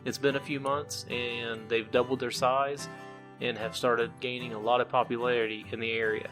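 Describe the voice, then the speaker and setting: A man's voice: mid-range voice, level tone, moderate pace, music in the background. A man with a Southern Ohio accent hosting a podcast, chatty and friendly, laughing often. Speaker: podcast host. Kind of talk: casual podcast interview.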